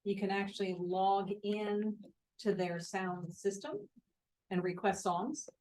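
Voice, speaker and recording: A woman host talks in a relaxed, conversational way, telling little stories from everyday life. Her pitch is middle of the range and her delivery is easygoing and chatty. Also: slow, a little hiss or hum. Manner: chatty, anecdotal storyteller. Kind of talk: casual chat.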